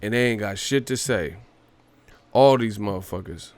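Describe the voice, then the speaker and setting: A man ranting casually to camera about boxing, animated and profane, with mocking, incredulous jabs. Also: on the low side, normal speed. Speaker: boxing commentary vlogger.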